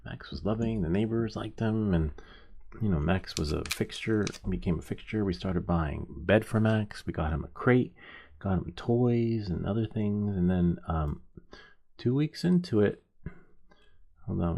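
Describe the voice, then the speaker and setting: A man's voice: low voice, gravelly, mellow. A man hosting a soldering live stream who tells a rambling story while he works. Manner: rambling, halting, with many restarts.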